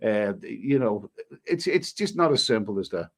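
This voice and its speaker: A man's voice: on the low side, animated, normal speed. Exasperated rambling man. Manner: rambling, exasperated, swears mildly. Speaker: travel vlogger reading live chat. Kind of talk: live-stream chat.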